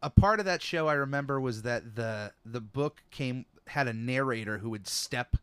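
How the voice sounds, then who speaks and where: A young man hosting a podcast, telling stories in a casual, animated way. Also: mid-range voice, clear, resonant tone, no room sound. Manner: animated storyteller, quick asides. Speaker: podcast host. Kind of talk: casual chat.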